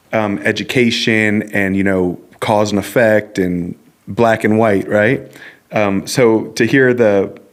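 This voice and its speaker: A man hosting a podcast interview, reacting with emotion and close to tears. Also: fairly low pitch. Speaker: podcast host. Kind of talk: interview conversation.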